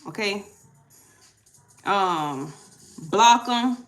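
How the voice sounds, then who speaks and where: A woman giving a casual tarot reading, emphatic and preachy, arguing her points out loud. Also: medium pitch, lively intonation, extremely slow, soft background music. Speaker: tarot reader.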